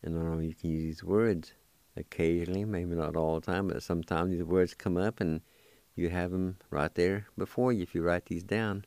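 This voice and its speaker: A man hosting a radio language lesson, spelling and pronouncing Cherokee words slowly and repeating each one for listeners to write down. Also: sits low, steady tone, a little mellow, clear, resonant tone. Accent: Oklahoma Cherokee.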